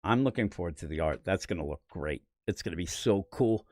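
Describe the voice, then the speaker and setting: A man's voice: sits low, fairly quick, no room sound, studio quality. A man from the Philadelphia area hosting a comics podcast, giving a rambling, opinionated preview of the week's comics. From Philadelphia area, USA. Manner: rambling, opinionated, animated asides. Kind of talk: casual comic book preview commentary.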